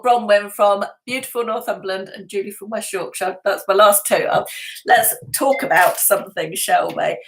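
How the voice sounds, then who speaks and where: A woman's voice: medium pitch, fairly bright tone, low-quality recording. A woman, hosting a casual live stream from home, chatting and greeting viewers by name with frequent laughs. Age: 50s. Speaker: lifestyle channel host. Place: at home indoors.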